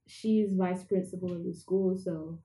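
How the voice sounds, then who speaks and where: A woman from England, a podcast guest, telling stories from her childhood in a lively, laughing way. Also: lowish voice, unhurried, rough recording. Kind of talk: casual storytelling chat.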